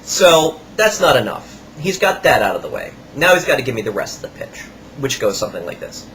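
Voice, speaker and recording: A man's voice: medium pitch, sing-song, fairly quick, bright, forceful tone, a little hiss or hum. A man hosting a podcast, telling a story in a wry, sarcastic way. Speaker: podcast host. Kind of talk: storytelling monologue.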